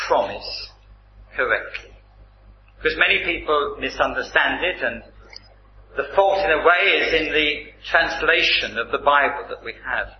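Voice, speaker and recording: Male preacher, slightly raised pitch, emphatic Bible teaching in an echoey room. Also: slight background noise. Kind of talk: sermon. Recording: roomy, slightly dull recording.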